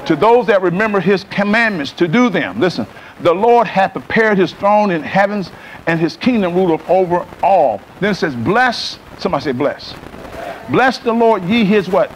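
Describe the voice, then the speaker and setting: A man's voice: sits high, animated, normal speed, slight background noise. A middle-aged man preaching a sermon in a church, calling on the congregation to answer back and repeat after him. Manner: call-and-response preaching, asks congregation to repeat. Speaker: pastor. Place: church sanctuary.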